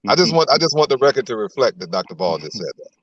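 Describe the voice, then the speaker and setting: A man's voice: mid-range voice, sing-song, fast talker, muffled recording. A man co-hosting a podcast who teases the others in casual banter.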